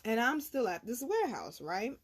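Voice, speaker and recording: Animated, foul-mouthed woman storyteller. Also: a little high, moderate pace, breathy edge. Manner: animated, profane, blunt. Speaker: tarot reader and channel host. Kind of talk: casual storytelling.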